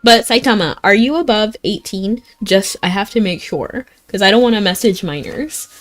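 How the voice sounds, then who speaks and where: A woman's voice: mid-range voice, moderate pace. A young woman chatting casually while she streams a fantasy game. She keeps filling her sentences with "like" and reacts openly to the story as it unfolds. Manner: chatty, peppers speech with "like", reacts emotionally to the story.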